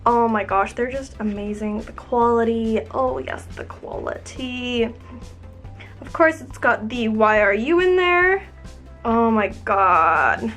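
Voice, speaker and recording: A woman's voice: fairly high pitch, slow, a bit bright, soft background music. A young woman, bubbly and gushing as she unboxes new shoes in a vlog. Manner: bubbly and gushing, lots of "oh my gosh". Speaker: YouTube vlogger.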